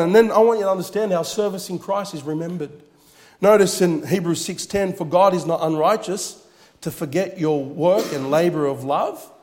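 A man's voice: sits high, darkish tone, big-room sound. A man preaching a sermon with emphatic repetition, reading scripture passages aloud. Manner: emphatic, repeats phrases, reads scripture aloud.

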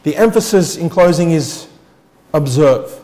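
A male pastor preaching a sermon with emphatic swings between loud declarations and quiet asides, often putting rhetorical questions to the congregation. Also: measured pace, long reverb tail. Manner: emphatic, rising to loud declarations then dropping low.

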